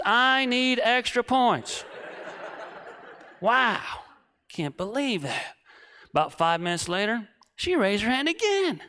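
A man in his late thirties preaching, telling a comic story that swings from shouting to hushed. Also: very high-pitched, big pitch swings, slow pace, long pauses, clean tone. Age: 30s.

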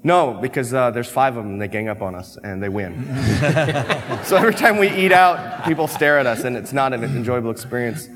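A man's voice: medium pitch, normal speed. Man, youth pastor, laid-back and joking, hall reverb. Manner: easygoing, self-deprecating, laughs often. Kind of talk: casual panel chat.

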